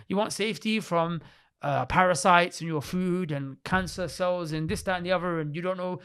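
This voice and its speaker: A man talking with emotion in a religious podcast discussion, repeating himself for emphasis, restarting his sentences and reciting Arabic verses in quick bursts. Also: high-pitched, a bit bright, clear, resonant tone. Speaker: podcast speaker.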